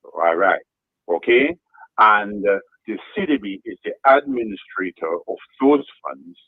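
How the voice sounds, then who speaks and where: A man on a radio talk show, speaking in a deliberate way and walking the other speaker through a chain of leading questions. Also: lowish voice, dry recording, narrow, tinny audio.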